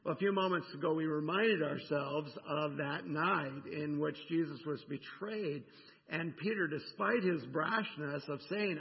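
A man pastor preaching a sermon in a conversational, animated way, often checking in with the congregation. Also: fairly high pitch, measured pace, vocal fry. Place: church sanctuary. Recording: dull sound with long church reverb.

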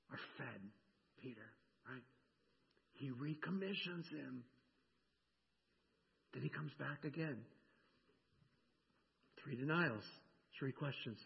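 A middle-aged man preaching a sermon, animated, swinging between loud emphasis and hushed near-whispers. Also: a little high, creaky. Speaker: pastor. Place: church sanctuary. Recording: dull, echoey church recording.

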